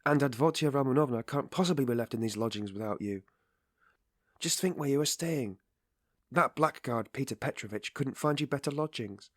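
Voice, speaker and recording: A man voicing a loud, tipsy and loyal young friend who blusters in a raised voice. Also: medium pitch, normal speed, no echo, clean studio sound, voice pushed up, close to an everyday voice. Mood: blustering tipsy.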